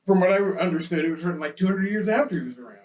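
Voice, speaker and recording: A man's voice: high voice, expressive, rapid-fire, a little mellow, recorded from a distance. A man co-hosting a podcast, laid-back and laughing along with short replies. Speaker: podcast co-host. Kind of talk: casual comedic chat.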